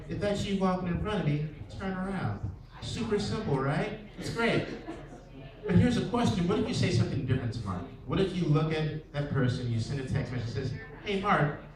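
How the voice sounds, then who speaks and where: A man doing stand-up at an open mic, talking casually and acting out little scenes with changing voices. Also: on the high side. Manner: conversational, acts out little scenes with shifting voices. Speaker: stand-up comedian. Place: small bar at an open mic night. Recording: echoey room, mic heard from a distance, crowd laughter.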